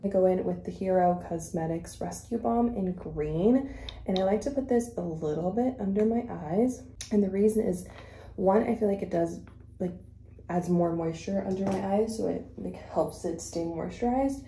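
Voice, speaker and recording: A chatty woman vlogger, a native Spanish speaker, talks through her makeup routine with plenty of fillers and a slightly breathless delivery. Her voice is mellow and dark, and it bounces around an echoey room. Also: mid-range voice, moderate pace, slight background noise. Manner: chatty, rambling with fillers and self-corrections. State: a little out of breath. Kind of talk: casual chat while doing makeup.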